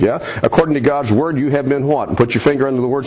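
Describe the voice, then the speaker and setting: A man's voice: mid-range voice, fairly even intonation, fairly quick, few pauses, darkish tone. A man preaching, leading a listener through a prayer in an earnest, coaxing, repetitive way. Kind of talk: soul-winning demonstration.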